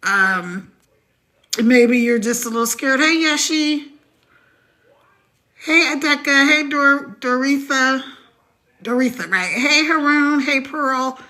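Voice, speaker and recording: Chatty woman host, slightly high voice. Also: slow pace, long pauses. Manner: animated, chatty, laughs while telling stories, greets viewers by name. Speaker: live-stream host. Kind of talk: casual live-stream chat and storytelling.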